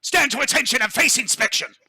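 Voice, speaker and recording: A man voicing a blustery, jovial retired admiral lord with a booming, pompous manner. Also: lively intonation, normal speed, bright, forceful tone, no room sound, full character voice. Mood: mock bellowing.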